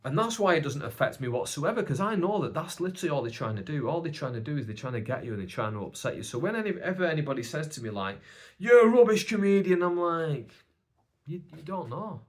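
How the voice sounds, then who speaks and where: A young man talks through a casual solo podcast at a middle pitch. He is animated and chatty, and he slips into raised mocking voices when he quotes critics. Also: very fast, few pauses. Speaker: podcast host and stand-up comedian.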